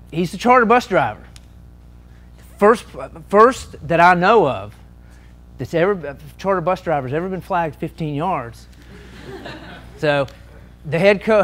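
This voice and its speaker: Animated storytelling man at a meeting. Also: a little high, moderate pace. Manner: animated anecdotes, shouting out quoted lines. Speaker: sports official and speaker. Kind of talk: storytelling talk to an audience.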